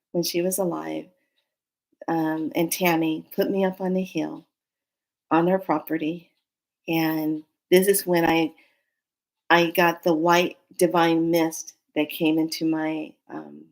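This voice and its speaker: A woman telling a dream story in a casual, unhurried monologue, acting out the voices she quotes. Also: deep voice, creaky. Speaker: spiritual storyteller.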